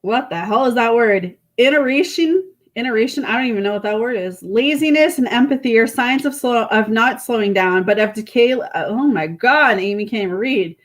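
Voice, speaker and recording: A woman's voice: on the high side, moderate pace, hardly any pauses. A woman doing a live tarot reading, chatting casually with viewers and reading card messages aloud. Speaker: tarot reader.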